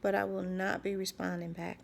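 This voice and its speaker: A woman speaking in a halting, soft personal video diary, often dropping to a whisper and repeating herself as she searches for words. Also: medium pitch, level tone, gravelly, a little hiss or hum. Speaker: vlogger.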